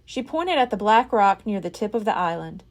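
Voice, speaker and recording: A woman reading a children's chapter book aloud as a library storyteller, expressive and unhurried. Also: medium pitch.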